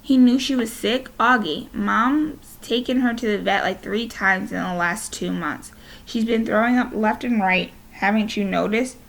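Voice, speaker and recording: A woman's voice: mid-range voice, a little slow, creaky, fairly bright tone. A woman teacher voicing a teenage older sister who explains, soothes and is a little impatient, in a read-aloud of a children's novel. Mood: upset. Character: teenage girl, older sister, tearful but comforting.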